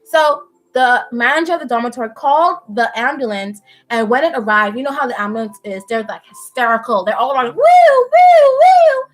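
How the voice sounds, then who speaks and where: A young Bahamian woman chatting at home on a live stream, telling an animated story and often laughing. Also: fairly high pitch, fairly quick, hardly any pauses, rough recording. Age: young adult. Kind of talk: casual chat, storytelling. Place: at home indoors.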